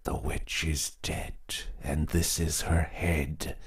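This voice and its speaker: A man plays a grown-up host leading a ghoulish party game in a pitch-dark cellar. The voice is very low and the lines come out slow and solemn, now and then sinking to a hushed whisper, like a storybook reading come to life. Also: animated, creaky, heavily acted. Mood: eerie.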